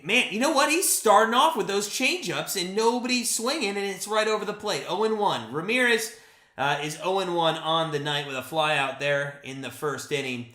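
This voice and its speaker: A young man streaming fan play-by-play, excitable and chatty with his viewers, swinging between hype and frustration. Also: fairly high pitch, moderate pace, echoey room. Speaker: live stream play-by-play host. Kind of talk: fan play-by-play and live reaction.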